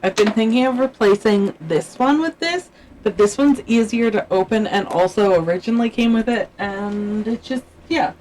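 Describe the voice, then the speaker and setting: A woman's voice: mid-range voice, normal speed, a little mellow, slight background noise, poor audio. A Canadian woman chatting casually on her livestream, musing aloud and often trailing off mid-thought.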